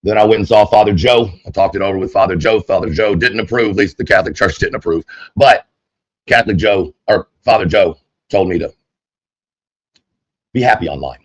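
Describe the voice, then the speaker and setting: A man's voice: on the low side, brisk, no room sound, muffled recording. A man streaming online, chatting at length to his viewers in a rambling, casual way. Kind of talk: casual livestream monologue.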